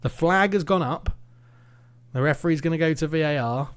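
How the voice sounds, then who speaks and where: A man narrates his football management game play by play in a fairly high voice. He worries aloud over every attack, drops to a mutter while fretting, then rises to an eager shout when the play turns. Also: fairly quick. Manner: anxious, commentating play by play, swinging between muttering and excited shouting. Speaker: gaming YouTuber. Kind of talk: live game commentary.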